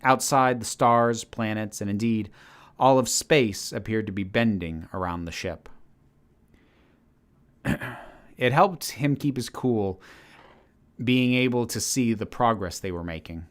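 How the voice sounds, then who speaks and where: A man narrating a story aloud in a steady, measured reading manner. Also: fairly low pitch. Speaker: channel host reading his story. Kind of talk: audiobook-style story narration.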